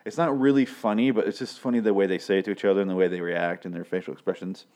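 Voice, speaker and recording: A man's voice: deep voice, fairly even intonation, fast, a little mellow. A man from Michigan reviewing a TV show in a casual, rambling way, swearing often and correcting himself. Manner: profane, filler-heavy, self-correcting.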